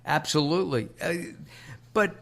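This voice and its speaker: A man's voice: fairly high pitch, normal speed, gravelly, a bit bright. A middle-aged man from Southern California hosting a radio talk show, chatty and joking, with lots of filler uhs.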